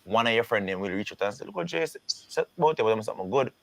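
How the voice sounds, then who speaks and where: A Jamaican man interviewing an artist in a relaxed conversation. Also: fairly low pitch, quick pace, creaky, dry recording.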